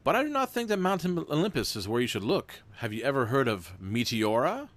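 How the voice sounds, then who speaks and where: A man's voice: mid-range voice, big pitch swings, fairly quick, voice pushed up, lightly acted. A man reading a suave middle-aged historian, no accent. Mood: smooth. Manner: read plainly, no accent attempted.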